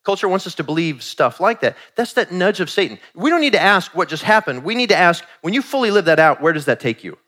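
A middle-aged man preaching a sermon in a conversational, animated way, acting out quoted asides. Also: high voice, fast, hardly any pauses. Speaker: pastor.

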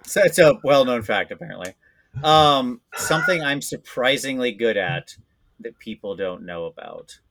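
A man chatting casually as a podcast guest, rambling and self-deprecating, quick to laugh at himself. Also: medium pitch, expressive, fairly bright tone. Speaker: guest voice actor.

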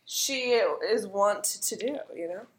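A woman co-hosts a casual podcast, recapping a TV episode with a friend. Her voice sits at an ordinary middle pitch, and she swears freely. She slips into the characters' voices when quoting their lines. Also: lively intonation, slow. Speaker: podcast co-host.

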